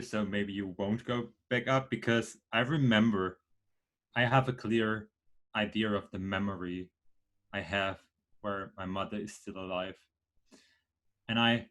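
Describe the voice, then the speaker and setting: A man playing a tabletop game, searching for words as he describes his character. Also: on the low side. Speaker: player. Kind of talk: tabletop role-play.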